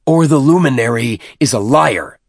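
A man's voice: medium pitch, expressive, takes it slowly, no echo, studio quality, voice pushed up. A man voicing a fierce young male alien warrior who snarls with contempt. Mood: scornful.

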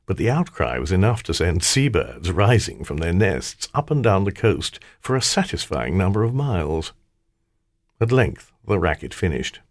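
Deep-voiced guy narrating an audiobook, wry and theatrical, voice swoops all over, dry close sound. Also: no echo. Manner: wry, theatrical first-person storytelling.

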